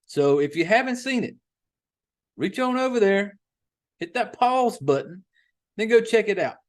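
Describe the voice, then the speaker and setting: A man's voice: high voice, animated, a little slow. A man hosting a podcast, rambling casually and profanely, with drawled slang. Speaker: podcast host.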